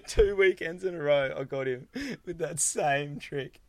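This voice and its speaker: A man's voice: a little high, measured pace, a little hiss or hum. An Australian man in his thirties hosting a podcast, telling a casual story with lots of laughing and acted-out lines from friends. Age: 30s. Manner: animated, laughing often, acts out friends' lines. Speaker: podcast host.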